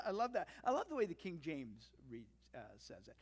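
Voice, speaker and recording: A pastor preaches in a relaxed, conversational way, with wry asides and lively acted-out quotes. The voice sits at a middle pitch. A long reverb hangs on every phrase, as in a large church sanctuary. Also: fairly quick, husky. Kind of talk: sermon.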